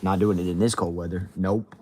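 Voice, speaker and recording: Deep, mellow-voiced young man streaming. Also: steady tone, brisk. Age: young adult. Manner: laid-back, drawling, says bro and y'all. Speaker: livestream host. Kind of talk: casual livestream chat reading comments. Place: at home indoors. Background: faint TV sound from another room.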